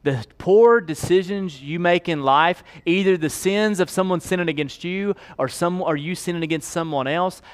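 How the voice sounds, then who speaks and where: Impassioned pastor preaching a sermon. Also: male voice, on the high side. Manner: swings from hushed to loud and fast, pleading.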